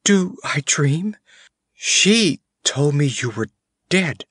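A male narrator raises his voice to play a gentle young queen, shaken and soft-spoken. She pleads in a breathless, lifted tone with a lively rise and fall. The reading is dry and close to the mic. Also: fairly high pitch, very slow, slightly rough, no room sound, voice pushed up, exaggerated voice. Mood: disbelieving.

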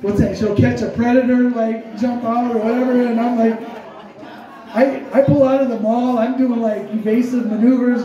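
A man telling a comic story, rambling and animated with many fillers. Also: very high-pitched, moderate pace. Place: storytelling event hall. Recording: echoey room, distant dull mic.

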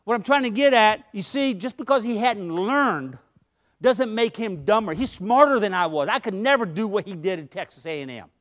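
A man with a high voice preaches a sermon in a church. His delivery feels conversational, with stories from his own life worked in between the points. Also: animated, normal speed, a bit bright. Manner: conversational preaching with storytelling asides. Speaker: pastor. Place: church sanctuary.

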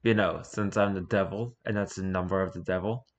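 A man's voice: low voice, fairly even intonation, fairly quick, pitched below the performer's own voice, lightly acted. A man voicing a whiny, grumpy male devil who rules hell, talking in an irritable, put-upon way. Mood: annoyed.

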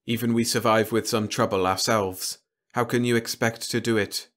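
A man's voice: medium pitch, lightly acted. A man voicing an emotionless robot leader. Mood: cold, formal. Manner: flat, measured, polite.

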